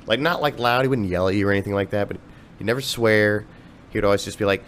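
Casual male guest from Ohio, low voice, swears freely, rambles through stories. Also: quick pace, a little hiss or hum. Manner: profane, rambling storyteller. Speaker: podcast guest, musician. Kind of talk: casual chat.

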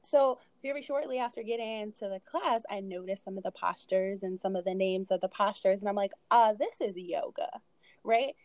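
A woman in her thirties shares her personal story as a podcast guest. She speaks in a mellow, warm tone and keeps it conversational with asides and light laughter. The recording is close and dry, with no room sound. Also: mid-range voice, fairly even intonation, fairly quick, hardly any pauses, no room sound.

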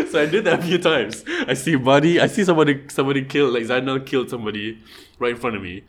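A man's voice: mid-range voice, moderate pace, pauses often. A man telling funny stories in casual chat, laughing often and acting out what others said. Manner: laughs often, animated retelling with quoted voices.

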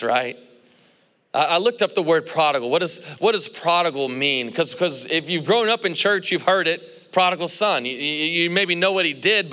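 A young adult man preaching a sermon, telling a personal story with animated delivery, acting out quotes and laughing between lines. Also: a little high. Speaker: pastor. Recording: reverberant hall.

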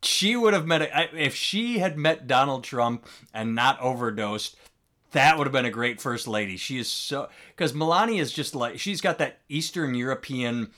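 A man in casual podcast chat, crude and animated, often jumping up in pitch. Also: moderate pace.

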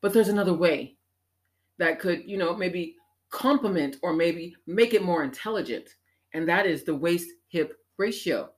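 A woman hosting a show, talking in an animated, emphatic personal monologue that swings up into exclamations. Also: fairly low pitch, normal speed. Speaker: podcast host.

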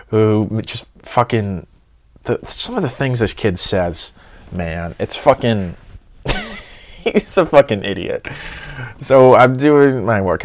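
A young man casually telling a party story, excitable and swearing often, acting out his friends' lines. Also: lowish voice.

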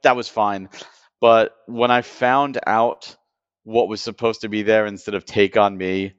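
A man's voice: lowish voice, little pitch movement, a little slow, clean tone, dry recording, highs cut off. A man co-hosting a podcast, chatting casually and with feeling about a film, often repeating himself. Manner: enthusiastic, emotional, repeats words. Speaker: podcast co-host.

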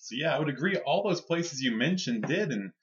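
A man's voice: on the high side, animated, brisk. A man co-hosting a podcast, joking with playful sarcasm in casual banter. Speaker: podcast co-host. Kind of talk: casual chat. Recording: muffled lo-fi sound.

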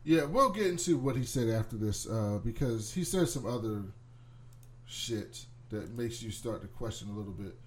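A man recapping a show episode in casual chat, animated and swearing freely. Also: lowish voice, normal speed, a little hiss or hum.

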